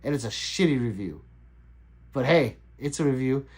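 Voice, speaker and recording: A middle-aged man with a medium-pitched, expressive voice at normal speed hosts a loose, casual livestream, laughing easily and reading out and answering his chat as it arrives.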